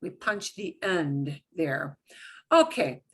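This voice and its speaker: In an online lesson, a woman teaches beginners Spanish, patiently working on pronunciation and getting students to repeat words. Her voice is low, slightly rough, and slow, with wide swings in pitch.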